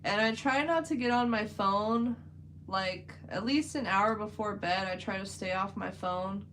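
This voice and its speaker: A chatty woman with a drawl talks loosely to her stream chat as she paints, filling her sentences with "like." Her voice sits at a middle pitch, and a faint hum runs underneath. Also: unhurried, a bit bright, low-quality recording. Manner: chatty, rambling, many "like" fillers. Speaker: livestream host. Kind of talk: casual livestream chat while painting.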